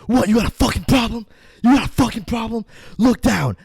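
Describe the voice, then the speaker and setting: A man putting on a hostile, shouting young guy picking a fight in a packed stadium, speaking loud and aggressive. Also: very high voice, expressive, brisk, gravelly, breathy edge, no echo, pitched above the performer's own voice, exaggerated voice. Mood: angry.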